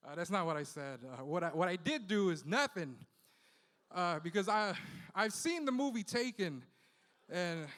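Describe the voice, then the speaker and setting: A man's voice: fairly high pitch, fairly bright tone. A man doing a loose, profane stand-up set in a comedy club, peppering his lines with "you know.". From Philippines heritage, Bay Area. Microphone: handheld stage mic. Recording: live club with long reverb.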